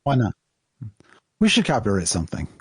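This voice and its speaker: A man's voice: fairly low pitch, huge pitch swings, a little fast, husky, no echo. A man co-hosting a podcast in playful casual chat, cracking jokes. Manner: joking, playful. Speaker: podcast co-host.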